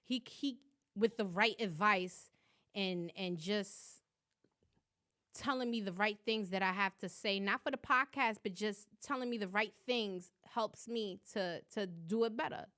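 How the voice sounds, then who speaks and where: A young woman hosting a podcast, loud and profane, laughing often in casual chat. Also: mid-range voice, a little slow. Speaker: podcast host.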